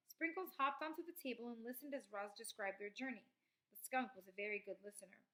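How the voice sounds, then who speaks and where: Bright-voiced woman reading a storybook. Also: fairly high pitch, fairly quick, low-quality recording. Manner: expressive, with small slips. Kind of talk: reading a children's book aloud.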